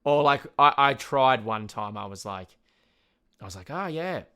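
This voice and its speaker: A young podcast host from Tasmania, Australia, rambles loosely in a casual solo rant, swearing often and laughing at his own stories. His lowish voice is clear, resonant and sharp-toned at a normal speed.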